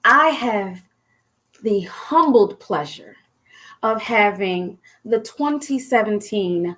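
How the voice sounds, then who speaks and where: A woman in her forties hosting a casual chat, telling stories in a bubbly, excited way. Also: mid-range voice, takes it slowly. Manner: bubbly, animated storyteller. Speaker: host.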